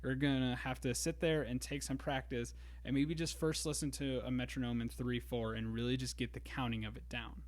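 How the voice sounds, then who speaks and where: A man teaching a drum lesson in a relaxed way, explaining grooves step by step. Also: mid-range voice, brisk, hardly any pauses. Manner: counts beats aloud, easygoing explaining. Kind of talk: casual instructional talk. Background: drum kit and metronome.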